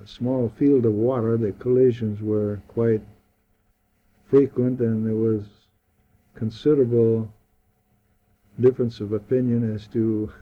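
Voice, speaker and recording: An older man speaks slowly and carefully, pausing on his fillers while he recalls the past. The sound is thin and tinny, like an old phone line. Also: mid-range voice. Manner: measured, hesitant, with fillers. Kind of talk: oral history recollection.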